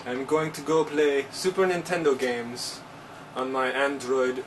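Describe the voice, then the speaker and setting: A man talking to camera in a casual vlog, joking and animated, his voice jumping up in pitch for emphasis. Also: unhurried. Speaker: vlogger. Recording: distant mic with faint ambient noise.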